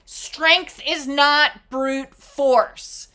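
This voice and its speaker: Woman doing a chill oracle card read, slow, bright voice, kinda high, swears casually. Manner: reflective, expressive, with casual swearing. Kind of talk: casual spiritual card reading.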